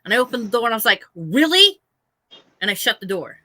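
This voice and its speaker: A woman's voice: medium pitch, racing, bright, forceful tone, dry recording. A woman guest in a casual chat, telling stories bluntly and emphatically and laughing through them.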